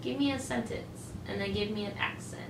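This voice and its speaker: A woman's voice: medium pitch, brisk, far from the mic. A woman co-hosting a podcast in casual chat, chatty and teasing. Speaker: podcast co-host. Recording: echoey room with faint noise.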